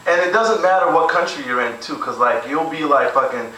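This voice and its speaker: A man's voice: on the high side, animated, a little fast, bright, forceful tone, a little hiss or hum. A young man rehearsing crude stand-up jokes at home, rambling and laughing at his own material. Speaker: amateur stand-up comic. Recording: echoey room, far from camera mic.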